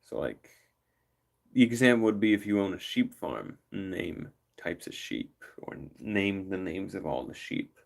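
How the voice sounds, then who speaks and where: A man's voice: sits low, lively intonation, measured pace, creaky. A man hosting a livestream, chatting casually with rambling jokes. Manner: rambling, joking, playful. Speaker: livestream host.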